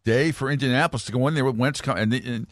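A man's voice: mid-range voice, fast, no room sound, studio quality. A man co-hosting a sports talk show, opinionated and emphatic.

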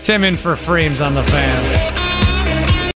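A man's voice: on the high side, wildly swooping pitch, extremely slow, over loud music. A man hosting a sports talk radio show, upbeat and steering the conversation. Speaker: radio host.

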